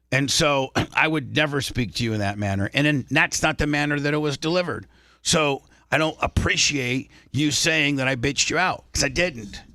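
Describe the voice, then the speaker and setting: A man's voice: medium pitch, pushed and bright, no echo, clean studio sound. A male radio show host lecturing a co-host on air, defensive and full of restarts.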